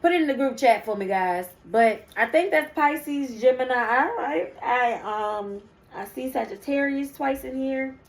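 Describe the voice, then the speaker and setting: A woman's voice: high-pitched, measured pace, hardly any pauses, poor audio. A young woman giving a casual spiritual card reading to her viewers, chatty and rambling with many ums and asides. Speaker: spiritual reader.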